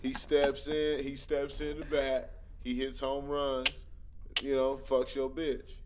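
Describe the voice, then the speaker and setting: A man chatting casually on a podcast, rambling in slang. He leans heavily on repeated fillers, and his voice sits in an ordinary middle pitch. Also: completely flat delivery, slow, a crowd in the background.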